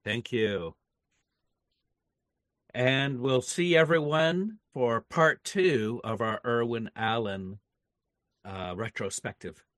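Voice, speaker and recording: An older podcast co-host talks in a relaxed, easygoing way, pausing often on fillers. His voice sits at a middle pitch and sounds dry and close, with no room around it. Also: no echo. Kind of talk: casual chat.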